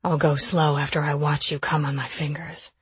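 A woman voicing a forceful, lustful grown man who speaks in a low growl. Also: little pitch movement, moderate pace, breathy edge, no room sound.

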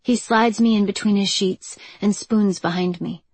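A woman narrating a first-person romance audiobook in an expressive, breathy style. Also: medium pitch, moderate pace, dry recording.

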